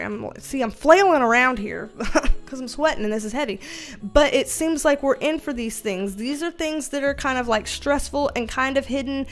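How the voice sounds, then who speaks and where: A young adult woman giving a livestream tarot reading at home on a webcam, animated and casual, swearing freely. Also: sits high. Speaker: tarot reader.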